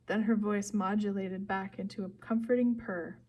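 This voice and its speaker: A woman's voice: mid-range voice, fairly even intonation, normal speed, warm tone. Woman reading a story aloud. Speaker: audiobook reader. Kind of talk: first-person storybook narration.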